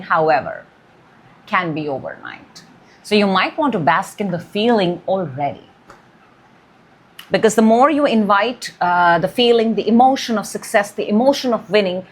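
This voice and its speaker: A woman's voice: medium pitch, husky. Musing woman reading tarot cards. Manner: intuitive, musing, stretches key words. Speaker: tarot reader.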